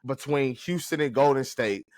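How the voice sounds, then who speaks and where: A man on a casual sports podcast who hammers his points home by saying them again and again. His pitch sits in the middle, and the sound is close and dry with no room echo. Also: normal speed, darkish tone. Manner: emphatic, repeats himself for effect. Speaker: podcast co-host.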